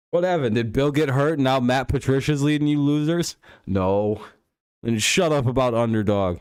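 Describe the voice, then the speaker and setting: A man's voice: mid-range voice, expressive, moderate pace, darkish tone, smooth, dry recording, studio quality. Sarcastic swearing man riffing on stream. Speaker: podcast host. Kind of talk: casual live-stream chat.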